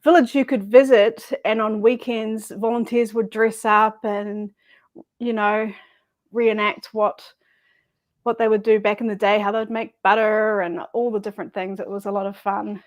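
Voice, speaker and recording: A woman's voice: mid-range voice, normal speed. A middle-aged woman, a quilting guest telling stories in a chatty, easy-laughing way. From New Zealand. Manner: chatty, laughs easily, lively storyteller. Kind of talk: casual chat.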